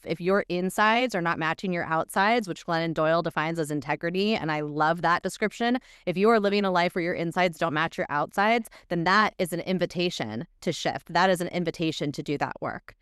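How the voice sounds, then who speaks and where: A woman co-hosting a podcast, speaking in a measured, reflective, coach-like way. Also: lowish voice, a bit bright, smooth, no room sound, studio quality. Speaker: podcast co-host. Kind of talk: casual podcast chat.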